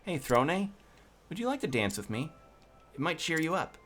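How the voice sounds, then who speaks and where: A man reading the lines of a friendly young woman dancer in a game, softly. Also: a little high, big pitch swings, moderate pace, soft background music. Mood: inviting.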